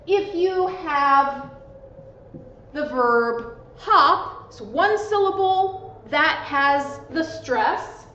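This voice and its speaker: A woman English teacher giving a slow, deliberate grammar lesson, spelling out letters and stressing syllables carefully. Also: sits high, fairly bright tone. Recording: echoey room, dull lo-fi sound.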